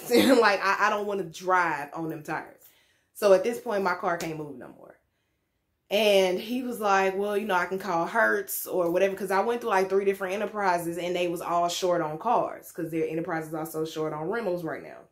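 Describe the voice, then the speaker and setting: A young vlogger with a lowish voice speaks at a moderate pace from a lit room in her home. Her casual story is candid and frank, full of swearing and broken up by the occasional laugh.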